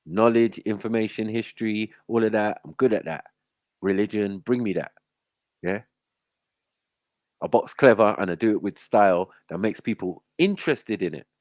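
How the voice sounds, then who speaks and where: A man's voice: fairly low pitch, moderate pace, a little mellow, no echo. A man with a British accent hosting a live casual chat, blunt and slangy. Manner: blunt, slangy, talks over others.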